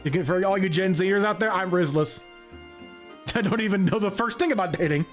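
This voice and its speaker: A man streaming a video game, rambling and joking with chat in a loose, animated way. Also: high voice, fairly quick, soft background music. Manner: animated, rambling, jokey, laughs often. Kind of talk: live gaming commentary.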